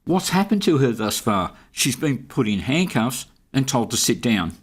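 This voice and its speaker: Sardonic man narrating in a mid-pitched voice, with a dry mocking edge. He talks as a commentator over footage, steady and scornful. A plain mid-range male voice. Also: moderate pace, slightly rough.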